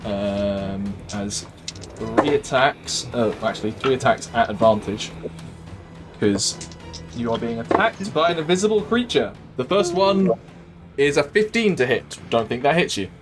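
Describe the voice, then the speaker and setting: A man's voice: mid-range voice, animated, unhurried, music in the background. Welsh man running a tabletop game. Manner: descriptive, hesitant with ums. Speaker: dungeon master.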